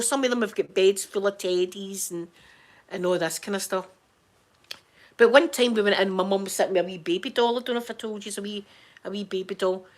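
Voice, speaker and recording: Hoarse middle-aged Scottish woman vlogger, halting casual chat, lots of repeats and restarts. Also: mid-range voice. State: hoarse from crying. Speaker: vlogger talking to viewers.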